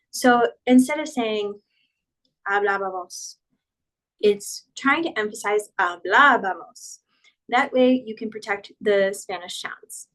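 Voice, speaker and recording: Female teacher, patient explainer, walks through conjugation tables slowly and clearly. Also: a little high, poor audio. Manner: patient, spells out verb endings, slows down for examples. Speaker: Spanish teacher. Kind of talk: explanatory grammar lesson.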